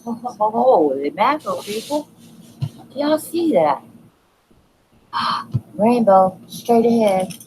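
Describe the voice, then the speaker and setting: A woman filming her own vlog outdoors while walking her dog, full of awe, calling out in wonder and dropping into hushed whispers. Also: on the high side, very animated, slow pace, a little hiss or hum, low-quality recording. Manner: awed, exclaiming, drops to hushed whispers. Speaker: sky-watching vlogger. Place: outdoors under open sky, walking a dog.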